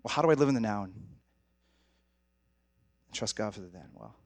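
A man's voice: fairly low pitch, animated, normal speed, darkish tone, no room sound. A young man preaching a sermon as pastor, talking to the congregation in a direct, conversational way. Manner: conversational, direct, addresses audience as guys.

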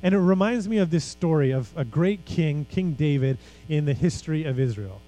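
A man's voice: a little high, lively intonation, normal speed, dark tone, faint music behind, low-quality recording. A man preaching a sermon as pastor, earnest and emphatic, with casual conversational asides.

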